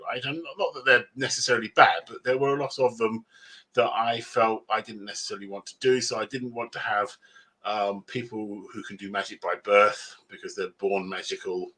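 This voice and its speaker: Bright, husky man, self-mocking. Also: fairly low pitch, fairly even intonation, a little fast. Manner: rambling, self-mocking, laughs often. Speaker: author guest. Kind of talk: convention panel interview. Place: convention panel room.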